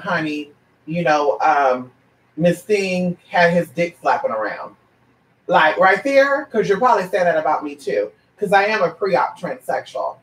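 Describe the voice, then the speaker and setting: A trans woman who gives paid readings, talking straight to her viewers in a blunt, sassy rant full of swearing, switching into mimicry of other people as she tells her stories. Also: lowish voice. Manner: animated, mimics other people mid-story. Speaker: paid psychic reader. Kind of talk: casual vlog rant to viewers. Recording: roomy echo, distant from mic.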